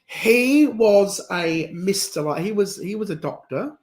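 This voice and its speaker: A woman's voice: medium pitch, expressive, a little slow, a little mellow, slightly rough, rough recording. A woman hosting a casual chat, rambling and reminiscing, often trailing off and restarting. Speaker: host.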